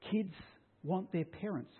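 A man preaching a sermon as pastor, swinging from loud declarations down to a hushed near-whisper. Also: high voice, lively intonation, measured pace, slightly rough. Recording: tinny phone-like sound.

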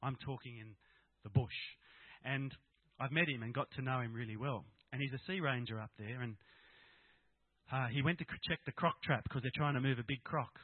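A middle-aged Australian man, medium-pitched and moderately paced, opens up in a candid, unadorned talk before Christian fathers. His voice comes through dry and tinny, like a phone, without any room sound.

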